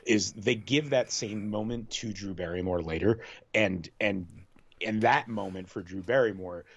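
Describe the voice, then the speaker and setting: A man's voice: on the low side, unhurried, husky, lo-fi sound. A man co-hosting a podcast, chatting casually about a film, swearing loosely and trailing off into restarts. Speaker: podcast co-host. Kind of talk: casual film-review chat.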